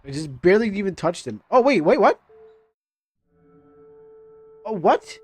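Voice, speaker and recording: A man commentating live on a game he plays, excitable and puzzled, swearing now and then. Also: high voice, measured pace, slightly rough, faint music behind. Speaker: streamer.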